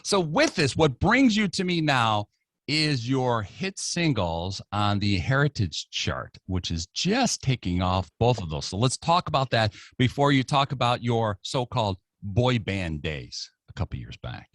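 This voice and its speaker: A man's voice: medium pitch, very animated, unhurried, a bit bright, no room sound, studio quality. An American man hosting a radio talk show, interviewing a guest with jokey, playful banter. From United States. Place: radio studio.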